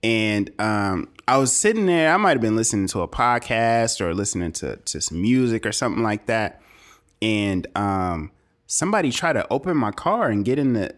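Laid-back man with a low lively voice. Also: moderate pace. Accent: California. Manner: laid-back, laughs easily, rambling anecdotes. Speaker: podcast co-host. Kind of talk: casual chat.

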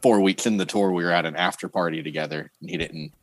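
A man's voice: low-pitched, fast talker. A man co-hosting a podcast, talking about touring in a laid-back casual chat that trails off at the ends. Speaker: podcast co-host.

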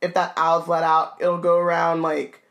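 A woman's voice: fairly low pitch, monotone, moderate pace, gravelly, fairly bright tone. A woman co-hosting a podcast, chatting playfully and animatedly with casual slang, and she is cold. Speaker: podcast co-host. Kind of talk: casual chat.

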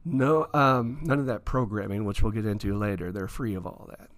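A man's voice: lowish voice, moderate pace. A man, an author and guest in a studio interview, telling his story animatedly and acting out the dialogue in it. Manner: animated, acts out quoted dialogue.

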